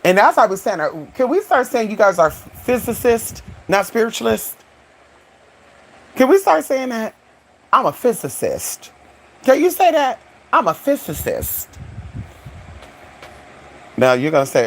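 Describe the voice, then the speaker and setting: A flamboyant man hosting a live stream, talking sassily and rambling to his viewers, calling them honey and girl. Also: fairly high pitch. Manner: sassy, flamboyant, calls listeners honey and girl; rambling, talks back to an unseen audience. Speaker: channel host.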